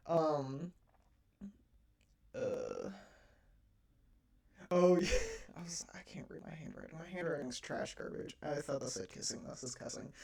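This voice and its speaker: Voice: mid-range voice, huge pitch swings, unhurried, creaky, pauses often, darkish tone. A person reviewing a TV episode in a casual, rambling chat, with many fillers and some swearing.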